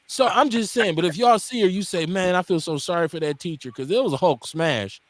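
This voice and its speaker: With a high voice that runs a little fast and no room sound, this forties-aged Milwaukee talk radio host keeps things casual. He's blunt, swears freely, and tells lively stories, voicing the characters in them.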